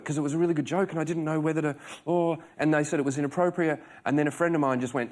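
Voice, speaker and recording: A male comedian guest telling animated stories in casual talk show chat. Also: a little high. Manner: animated storytelling, quick jokey asides.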